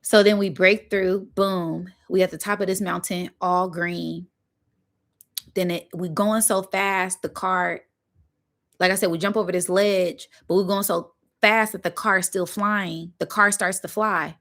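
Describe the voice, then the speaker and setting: An animated woman vlogger tells a story in loose, slangy, casual speech. She throws in little spoken sound effects as she goes. Her voice sits a bit low for a woman. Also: unhurried.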